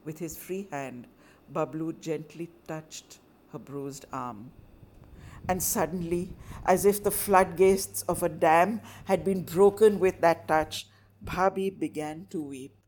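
A woman telling a story dramatically and with measured delivery. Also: deep voice, a little mellow, a little hiss or hum. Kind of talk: oral storytelling performance.

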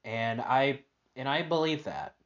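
A man's voice: medium pitch, lively intonation, a little slow, highs cut off. A man hosting a casual personal podcast monologue, upbeat and rambling with lots of fillers and restarts. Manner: upbeat, positive. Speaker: podcast host.

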